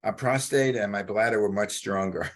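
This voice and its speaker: Older man, lower voice, halting and hesitant, chatting about old cab days. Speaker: guest, former cab driver. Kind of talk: casual chat.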